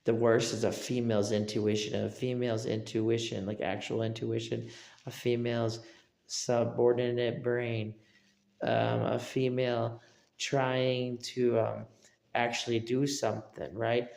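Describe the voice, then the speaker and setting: Gravelly guy rambling on stream, keeps asking if you get it, echoey room. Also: medium pitch, level tone, a little slow, darkish tone. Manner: rambling, repetitive, asks for agreement. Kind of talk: casual livestream rambling.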